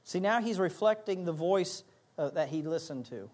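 High-voiced man preaching a sermon. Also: expressive, moderate pace, a little mellow. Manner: emphatic preaching with repeated phrases and acted asides. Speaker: pastor.

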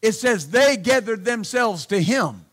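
A male pastor preaching a sermon bluntly and emphatically, often saying hallelujah and shouting his key points. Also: high-pitched, animated, a little slow, husky.

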